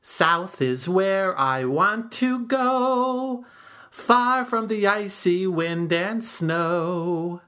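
A woman voicing a chatty, boastful male turtle in a storybook, with high wailing pleas and a slow sing-song. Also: expressive, a bit bright. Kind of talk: storybook read-aloud.

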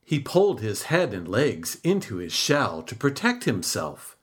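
A woman reading a children's folk tale aloud, slow and expressive, her pitch swooping on key words. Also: husky. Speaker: storyteller. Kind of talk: storybook read-aloud.

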